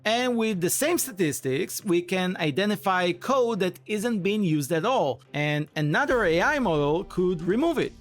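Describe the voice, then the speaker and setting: A man giving a scripted conference talk in an enthusiastic, playful, pitching manner, bantering with a co-presenter. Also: animated, a little slow, few pauses. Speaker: conference speaker and framework core team member.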